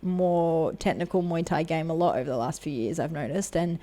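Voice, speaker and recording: A woman's voice: deep voice, brisk, warm tone. A woman, a fight promoter co-hosting a podcast, chatting casually in a rambling way, swearing freely and acting out quotes.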